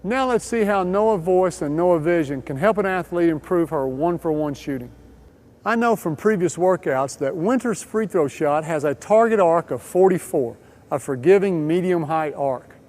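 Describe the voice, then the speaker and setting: High-voiced man narrating a training video. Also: lively intonation, darkish tone. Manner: measured, explanatory delivery. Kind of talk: scripted instructional voice-over.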